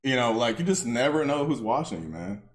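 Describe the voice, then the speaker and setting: A man's voice: mid-range voice, big pitch swings, a little fast. A Texan man hosting a podcast, telling a story in casual slang and laughing a lot. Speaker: podcast host. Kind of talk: casual chat. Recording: roomy echo.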